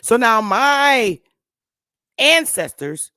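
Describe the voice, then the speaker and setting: In a dry recording, a talk show host in her fifties from Connecticut lectures viewers extremely slowly, repeating herself with emphasis and drawing words out. Her fairly high voice is bright, forceful, and very animated.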